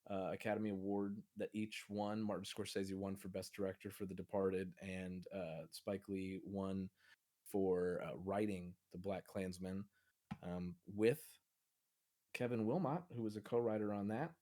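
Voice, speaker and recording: Low-voiced rambling podcast guy. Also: fairly even intonation, unhurried, mellow. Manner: rambling storyteller, many fillers. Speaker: podcast co-host. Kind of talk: casual film podcast chat.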